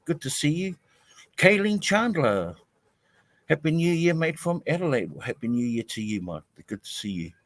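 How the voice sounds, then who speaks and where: A man's voice: a little high, sing-song, normal speed, no echo, low-quality recording. A man hosts a live stream from outdoors behind his house, chatting casually with many fillers and greeting viewers by name.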